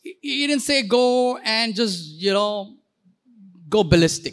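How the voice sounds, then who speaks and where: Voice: mid-range voice, lively intonation, fairly bright tone, clear, resonant tone. A pastor preaching a sermon in a church, playful and interactive, calling on the congregation to repeat words back. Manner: playful, quick asides and jokes.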